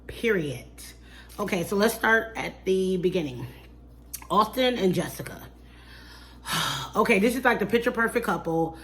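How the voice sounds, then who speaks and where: A woman talks through a reality TV episode in a relaxed, unscripted vlog. Her delivery is blunt and sassy. She flares into animated outbursts and slips into mocking impressions of the people she discusses. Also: medium pitch, unhurried, long pauses. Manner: mimics people in mocking voices. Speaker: reality TV reviewer. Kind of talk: casual review chat.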